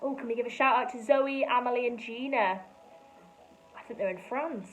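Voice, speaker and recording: Friendly woman co-host, slightly high voice, echoey room. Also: moderate pace, soft background music. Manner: friendly, practical, runs the camera and chat. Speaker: co-host reading out viewer messages. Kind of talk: live online painting lesson. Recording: echoey room with faint noise.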